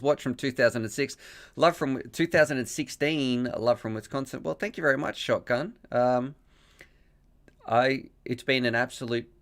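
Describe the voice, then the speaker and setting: A man hosts a live stream in a casual, rambling way. He keeps thanking viewers and laughs often while reading their messages. His voice sits at a middle pitch. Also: fairly bright tone.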